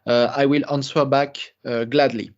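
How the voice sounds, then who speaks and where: A man's voice: medium pitch, little pitch movement, normal speed, dull audio. A man from France with a French accent, giving a recorded lecture with careful, apologetic phrasing and many fillers. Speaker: paleontology lecturer.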